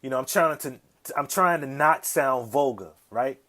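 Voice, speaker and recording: A man's voice: mid-range voice, normal speed, fairly bright tone. A man, hosting a podcast and telling a casual, profane story in slang, often checking in with the listener. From south side of Chicago, USA. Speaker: podcast host.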